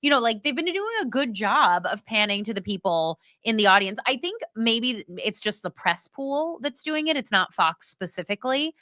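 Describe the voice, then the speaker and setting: A woman's voice: fairly high pitch, lively intonation, normal speed, few pauses, sharp tone, no room sound, clean studio sound. A woman co-hosting a live watch party, chatting casually and agreeably with plenty of fillers. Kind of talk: casual chat.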